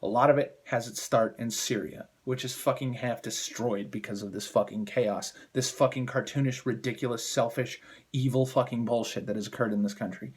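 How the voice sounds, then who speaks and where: A man's voice: medium pitch, steady tone, moderate pace, slightly rough. Profane, ranting male commentator. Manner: profane, heated, contemptuous ranting. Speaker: political commentator. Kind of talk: angry political rant vlog.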